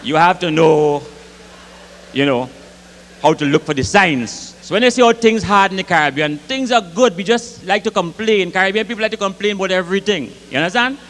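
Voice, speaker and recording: A man's voice: sits high, brisk, slight background noise. Grenadian man telling stories onstage. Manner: lively, dialect-rich, acts out voices. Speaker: storyteller. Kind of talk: stage comic storytelling. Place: concert hall with audience. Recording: live concert hall reverb, faint ambience.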